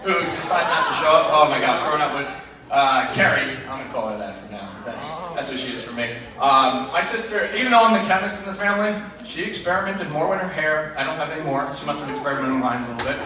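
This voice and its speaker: A man's voice: a little high, fast. A man in his forties, a chemistry teacher doing a self-deprecating stand-up routine with rambling asides. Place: school auditorium stage with live audience. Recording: echoey auditorium taped from far off. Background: laughing crowd and loud room noise.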